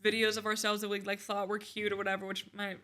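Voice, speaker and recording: A woman's voice: mid-range voice, monotone, quick pace, bright, forceful tone. A young woman co-hosting a casual chat show, talking in a chatty, opinionated way with lots of filler words. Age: young adult. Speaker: co-host, daughter of the other host.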